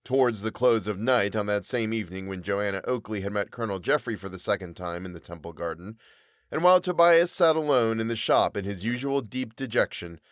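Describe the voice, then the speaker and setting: A man's voice: on the low side, fairly bright tone, no room sound. Guy narrating an old story, dramatic, dry close sound. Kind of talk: reading a Victorian serial aloud.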